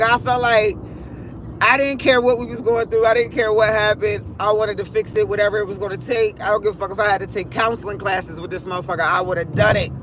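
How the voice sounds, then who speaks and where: A woman hosting a livestream has a slightly high, somewhat bright voice, with a little hiss or hum in the audio. In a casual monologue she talks candidly about her feelings, rambling, swearing and being emotionally open.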